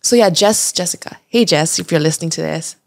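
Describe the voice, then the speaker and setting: A woman's voice: on the low side, fairly quick, gravelly. Chatty woman podcast host telling stories. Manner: chatty and animated, many "like"s and laughs. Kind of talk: casual storytelling chat.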